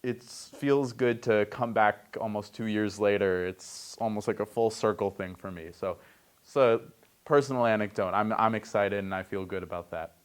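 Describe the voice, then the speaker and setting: A man's voice: fairly low pitch, steady tone, moderate pace, smooth. A young man hosting a comedic sports news report, reading headlines with wry, joking asides.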